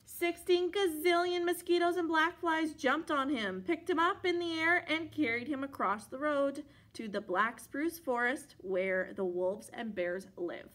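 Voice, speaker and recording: A woman reading a picture book aloud for children at a library, animated and playful with sound effects. Her voice is high and crisp, with a bright edge. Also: a little slow, hardly any pauses. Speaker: library storyteller.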